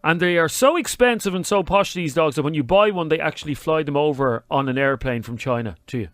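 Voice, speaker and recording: A man's voice: on the high side, fairly quick, fairly bright tone, no room sound, clean studio sound. A man, hosting a radio talk show and teasing his co-host in casual banter. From Ireland. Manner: playful, teasing.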